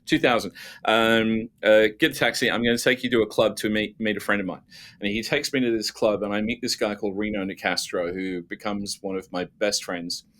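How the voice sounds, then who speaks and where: A man's voice: fairly low pitch, brisk. Chatty man telling stories. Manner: animated, self-mocking anecdotes with many restarts. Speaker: guest. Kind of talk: casual storytelling.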